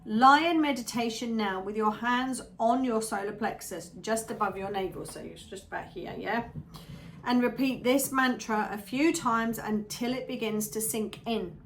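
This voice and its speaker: A woman giving a chatty, animated tarot reading, often checking in with the listener. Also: on the high side, moderate pace, slight background noise. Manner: chatty, animated, keeps asking "yeah?". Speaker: tarot reader.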